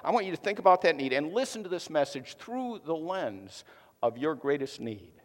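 A man preaching a sermon to his congregation, telling a joke with lively energy and sometimes repeating words as he builds up. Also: fairly high pitch, normal speed. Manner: lively storytelling, repeats words when excited. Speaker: pastor. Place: church sanctuary. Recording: long reverb of a large hall.

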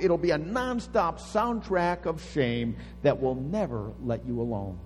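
A pastor preaching a sermon dramatically, swinging from hushed tones to booming calls. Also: male voice, a little slow, hardly any pauses, in a large hall, slight background noise. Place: church sanctuary.

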